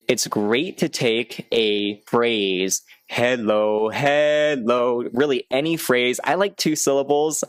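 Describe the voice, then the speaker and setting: A man's voice: mid-range voice, dry recording. Dry-voiced man coaching public speaking. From United States. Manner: clear, upbeat teaching delivery with vocal demonstrations. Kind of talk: instructional video talk.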